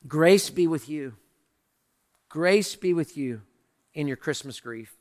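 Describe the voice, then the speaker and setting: A man preaching a sermon as pastor, emphatic and repetitive with a joking streak, closing in a softer spoken prayer. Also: fairly high pitch, lively intonation, takes it slowly, pauses often, long reverb tail.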